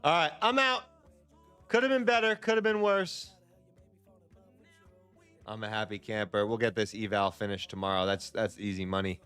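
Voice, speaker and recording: A man's voice: lowish voice, lively intonation, normal speed, pauses often, a bit bright, clear, resonant tone, faint music behind. A man hosting a casual trading livestream, talking upbeat and chatty to his viewers.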